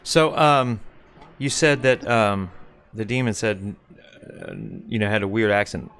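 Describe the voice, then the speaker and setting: A man's voice: fairly low pitch, unhurried, a bit bright, clear, resonant tone. A man hosting a casual interview over a call, prompting his guest with easygoing questions. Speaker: podcast host.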